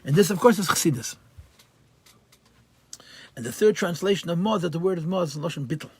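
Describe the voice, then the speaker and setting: Emphatic rabbi teaching a Torah class. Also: male voice, on the high side, animated, brisk, husky. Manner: translates verse by verse, mixing Hebrew and Yiddish terms into English; emphatic, stresses key words loudly.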